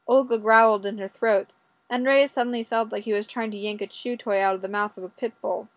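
A woman reading fiction aloud in an even, steady storytelling voice. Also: mid-range voice, a little fast. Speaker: narrator.

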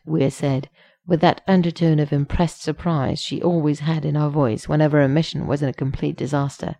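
A woman narrating a fan fiction story in a steady, measured reading voice. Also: low-pitched.

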